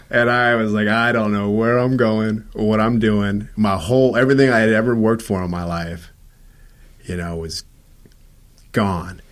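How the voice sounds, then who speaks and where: Lowish-voiced man telling his story. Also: steady tone, normal speed. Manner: acts out quoted dialogue, many restarts. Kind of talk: casual storytelling interview.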